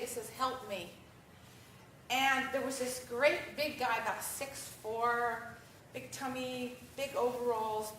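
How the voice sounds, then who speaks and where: Animated American woman speaking in an echoey hall. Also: fairly high pitch, a little hiss or hum. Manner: animated storytelling, acts out quotes. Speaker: vegan speaker giving a talk. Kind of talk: conference presentation with slides. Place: event hall at a festival. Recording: echoey hall, distant mic.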